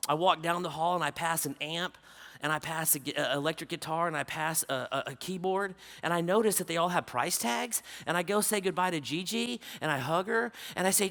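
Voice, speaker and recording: A man preaching to a conference crowd, telling stories in an animated way, acting out dialogue and dropping to a hush for somber moments. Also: on the high side, fairly quick. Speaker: conference speaker. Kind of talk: storytelling sermon. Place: large conference stage.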